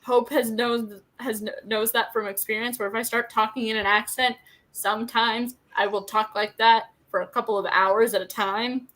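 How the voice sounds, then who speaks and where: A woman's voice: a little high, steady tone, fairly bright tone, low-quality recording. Chatty woman on a video call. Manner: quick, chatty, teasing. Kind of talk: casual chat.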